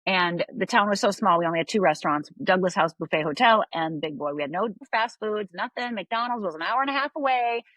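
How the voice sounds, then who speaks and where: A woman's voice: mid-range voice, animated, brisk, hardly any pauses, a bit bright, no room sound, rough recording. An older woman from Upper Michigan, a podcast guest telling a personal story candidly and often asking "right?". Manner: candid, confiding, checks in with tag questions.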